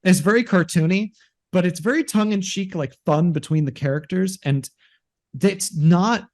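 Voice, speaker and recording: A podcast co-host chats casually in a rambling, animated way, with lots of restarts and acted-out quotes, including movie lines. His voice sits high, at a moderate pace.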